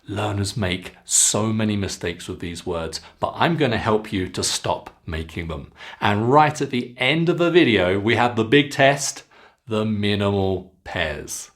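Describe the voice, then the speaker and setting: Slow, deliberate British man teaching pronunciation. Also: on the low side, animated. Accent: British English. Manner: slow, deliberate, models sounds clearly for learners to repeat. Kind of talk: scripted pronunciation lesson.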